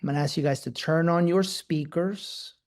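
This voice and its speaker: A man hosting a live-streamed spiritual talk, animated and profane, who repeats words in quick bursts. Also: fairly high pitch. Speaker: host.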